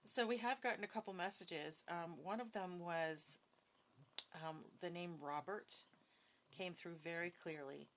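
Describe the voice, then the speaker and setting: A woman with a slightly low voice gives a casual psychic reading at home. Her talk is chatty and hesitant, full of fillers and quick laughs. A faint noise runs under the recording. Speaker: psychic reader. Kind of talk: casual spoken reading with a recited prayer. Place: home with dogs nearby.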